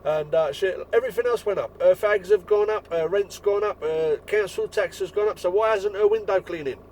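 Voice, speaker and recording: A man's voice: sits high, fairly quick, a little mellow, a little hiss or hum, poor audio. A man, a window cleaner ranting bluntly and swearing as he talks to fellow tradesmen.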